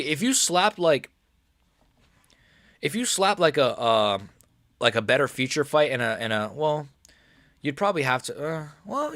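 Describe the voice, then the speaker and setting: A man hosting a casual live stream, chatting with viewers in a loose, rambling way. His sentences are full of fillers and restarts. His voice sits at an ordinary middle pitch and sounds dry and close, with no room echo. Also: lively intonation, normal speed, long pauses, fairly bright tone. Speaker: livestream host reading chat.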